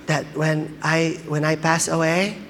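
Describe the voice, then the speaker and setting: A man's voice: flat delivery, a bit bright, a little hiss or hum. A man putting on a mischievous old grandma. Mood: teasing. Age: older. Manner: slow, high and drawn out. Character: elderly Filipino grandmother, frail but mischievous. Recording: live show in a hall with audience.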